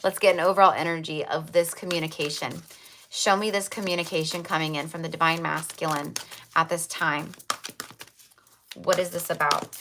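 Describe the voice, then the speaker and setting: A woman with a somewhat low voice reads tarot cards on a livestream. She talks in a chatty way, full of fillers, and repeats her affirming spiritual phrases. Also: fairly even intonation, normal speed, noisy background. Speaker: tarot reader.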